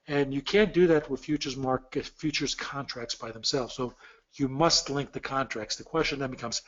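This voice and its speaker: A man being interviewed, explaining methodically step by step with examples. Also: medium pitch. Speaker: interview guest explaining futures trading. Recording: dull lo-fi recording.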